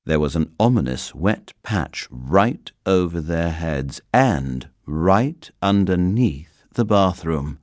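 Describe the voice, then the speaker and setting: A man reading a children's story aloud as narrator, gentle and expressive. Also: sits low, takes it slowly, few pauses, dry recording, studio quality.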